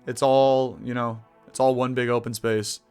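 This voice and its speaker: A man's voice: medium pitch, little pitch movement, normal speed, darkish tone, smooth. A man giving casual, jokey commentary over a game playthrough, laughing often and using slang. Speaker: gameplay commentator. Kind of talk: casual let's-play commentary. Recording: faint game music behind.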